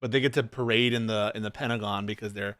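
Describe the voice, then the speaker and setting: A man's voice: steady tone, quick pace, a bit bright, no echo, clean studio sound. A man live-streaming political reaction commentary, ranting sarcastically with lots of profanity. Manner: mocks others in shrill put-on voices.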